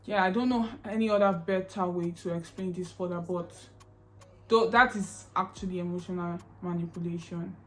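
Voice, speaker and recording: A woman's voice: lowish voice, fairly even intonation, normal speed, fairly bright tone. A young woman talking casually to camera in an advice vlog, chatty and emphatic, often repeating herself. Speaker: YouTube vlogger.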